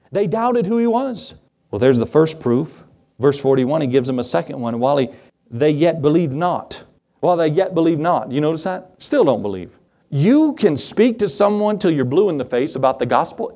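Animated preaching man, fairly high voice. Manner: animated preaching that acts out Bible scenes in quoted voices. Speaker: pastor. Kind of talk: sermon.

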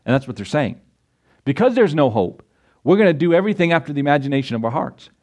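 A man's voice: fairly high pitch, big pitch swings, quick pace, a little mellow. A man preaching a sermon as pastor, emphatic and full of rhetorical questions, acting out the voices he quotes.

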